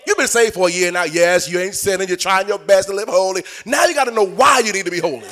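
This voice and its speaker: A male preacher delivering a sermon in a sing-song cadence, swelling into shouts and addressing the congregation directly. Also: high voice, fast talker, few pauses.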